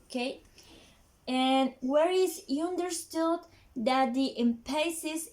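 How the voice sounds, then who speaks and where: A high-pitched Spanish-speaking woman with a darkish tone explains English grammar points, like a student giving a class presentation. She speaks slowly and haltingly, with frequent "uh"s, restarts, and non-native phrasing.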